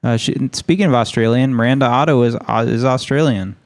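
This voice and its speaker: A man's voice: mid-range voice, fairly quick. A man co-hosting a podcast, discussing a film in a dry, understated way. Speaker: podcast co-host.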